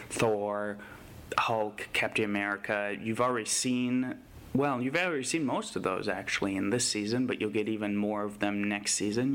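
A man with a lower voice co-hosts a podcast and runs through the week's news. He sounds eager and rambles a little, filling gaps with casual asides. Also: a bit bright. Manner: enthusiastic, rambling with fillers. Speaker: podcast co-host.

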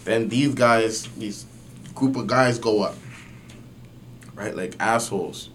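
A young man telling a story in casual podcast chat, slangy and animated, swearing often and using lots of fillers. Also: fairly low pitch, takes it slowly, a little hiss or hum. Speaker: podcast guest.

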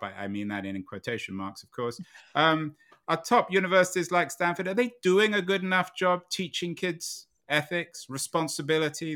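A man's voice: fairly high pitch, sharp tone. A man hosting an interview, asking long, framing questions at a conversational pace. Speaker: interview host. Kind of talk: podcast interview.

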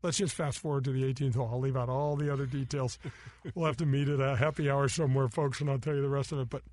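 Talking fast in a mid-range voice, a middle-aged golf show host swaps stories in lively, casual conversation. He laughs often and acts out the voices of the people involved.

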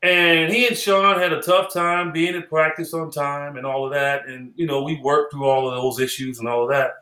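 A man in his sixties, a former basketball player, tells animated stories in an interview, acting out the dialogue and repeating phrases. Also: fairly high pitch, normal speed. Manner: animated storyteller who acts out quoted dialogue and repeats phrases. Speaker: former basketball player and analyst as podcast guest. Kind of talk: storytelling interview chat. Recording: roomy echoey room.

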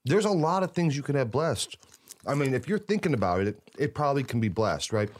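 A man with a mid-pitched voice co-hosting a podcast. He talks loosely and playfully, walking through lists of examples and teasing the others at the table. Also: very animated, fairly quick. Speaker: podcast co-host. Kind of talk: casual podcast chat.

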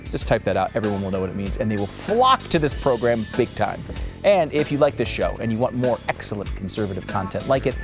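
A man hosting a comedy podcast, delivering a sarcastic monologue with theatrical swings in his voice. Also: mid-range voice. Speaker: podcast host.

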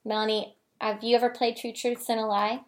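A woman's voice: a little high, flat delivery, a little fast. A woman co-hosting a comedy podcast in casual banter, playful and giggly, with a self-assured streak. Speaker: podcast co-host.

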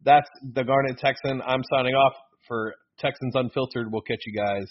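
A man co-hosting a casual sports podcast, rambling and excitable, often correcting himself mid-sentence. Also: medium pitch, moderate pace. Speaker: podcast co-host. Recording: dull lo-fi podcast audio.

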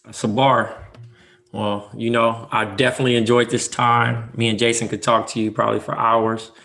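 Laid-back Los Angeles podcast host. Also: male voice, mid-range voice, level tone, normal speed, gravelly, sharp tone. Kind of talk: casual chat.

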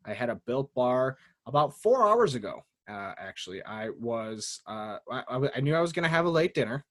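A man hosting a casual sports podcast, talking in an animated way with frequent laughs and mock impressions. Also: medium pitch, brisk. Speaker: podcast host.

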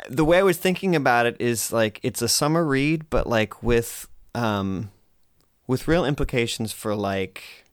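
A woman's voice: very deep voice, measured pace, dry recording, studio quality. A woman hosting a podcast in casual chat, speaking hesitantly with many ums and restarts. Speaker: podcast co-host.

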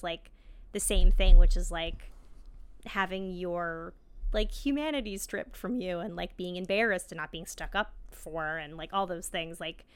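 A woman's voice: on the low side, a bit bright, smooth. A woman co-hosting a podcast, chatting earnestly and leaning on "like" as she builds her point. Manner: chatty and earnest, heavy with "like" fillers. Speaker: podcast co-host. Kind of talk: casual podcast chat.

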